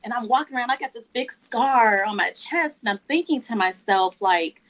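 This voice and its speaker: A woman with a slightly high voice gives a personal testimony. She speaks in a heartfelt, emotional way and laughs often. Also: lively intonation, moderate pace, a bit bright, rough recording. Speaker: guest.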